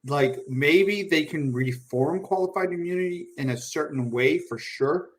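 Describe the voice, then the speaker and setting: A man co-hosting a podcast, talking in a mocking, animated way, swearing often and laughing between lines. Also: on the high side, unhurried. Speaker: podcast co-host. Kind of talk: casual profane political chat.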